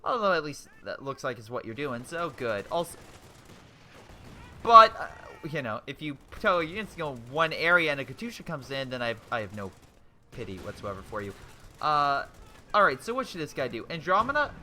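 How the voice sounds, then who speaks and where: Young male commentator, excitable and chatty over game replays, bright ringing tone, faint hiss behind. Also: mid-range voice, moderate pace. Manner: excitable, exclaiming, rambling with restarts.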